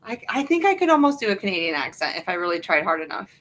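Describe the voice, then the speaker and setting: A woman's voice: fairly low pitch, big pitch swings, fast, fairly bright tone, a little hiss or hum. A woman chatting playfully and telling a travel story. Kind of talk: casual chat.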